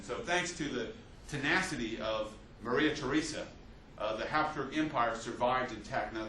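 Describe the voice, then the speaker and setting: A man teaching a history class as a lecturer, telling the story with lively restarts and fillers. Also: medium pitch. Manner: animated storytelling with many restarts. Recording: echoey classroom from a distance, faint hiss.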